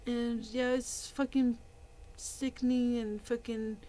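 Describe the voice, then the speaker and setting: A woman giving a heated, profane rant as a video commentator, with loud outbursts between quieter muttering. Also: a little high, little pitch movement, slow, poor audio. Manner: profane, heated rant full of filler words. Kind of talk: angry ranting commentary.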